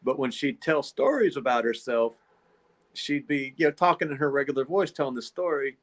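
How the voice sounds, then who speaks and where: A man's voice: mid-range voice, normal speed. A man telling a long, rambling story in a casual podcast monologue. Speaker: podcast host.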